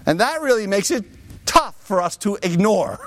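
A man's voice: high voice, big pitch swings, moderate pace, fairly bright tone. A man preaching a sermon, with rhetorical asides to his listeners. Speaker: pastor.

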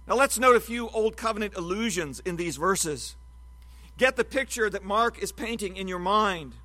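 A man preaching an expository Bible sermon, teaching in a measured, emphatic way. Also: high voice, sharp tone.

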